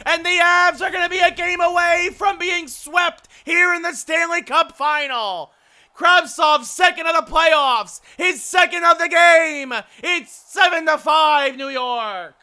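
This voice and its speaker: A man calling play-by-play for a hockey video game as a streamer, with excited announcer calls that build to shouts and relaxed chatty replies to viewers. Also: extremely high pitch. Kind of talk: mock sports commentary mixed with chat replies.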